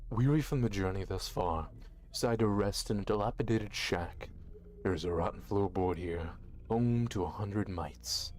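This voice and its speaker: An actor voicing the sardonic male narrator of a dark video game, in a dry, measured scripted style. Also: fairly low pitch, slight background noise, close to an everyday voice. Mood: wry.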